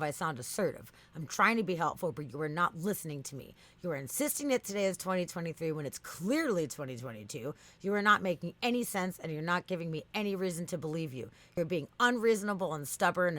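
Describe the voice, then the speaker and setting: A woman voicing a self-righteous chatbot that lectures in a low, firm tone. It talks in insistent, repeating lists and never gives ground. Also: fairly quick, a bit bright. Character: stubborn defensive chatbot, machine, self-righteous.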